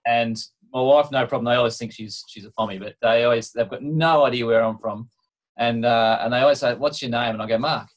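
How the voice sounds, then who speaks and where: An Australian man chatting on a tech podcast, rambling from one point to the next with plenty of jokes. His voice sits at an everyday middle pitch, and he talks like a relaxed co-host. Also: a little fast. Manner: joking, rambling storyteller. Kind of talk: casual chat.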